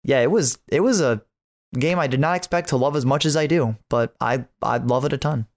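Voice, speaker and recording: A man in the middle of a casual podcast chat, gushing about games he loves. He talks in an easygoing, slangy way, full of casual fillers. His voice sits at an ordinary middle pitch. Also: fairly quick. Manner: enthusiastic, slangy, many fillers. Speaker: podcast co-host.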